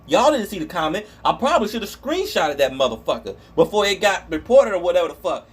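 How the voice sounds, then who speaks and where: A man's voice: high voice, very animated, fast, few pauses, husky. A man vlogging about online comments, ranting angrily and profanely and stumbling over his words.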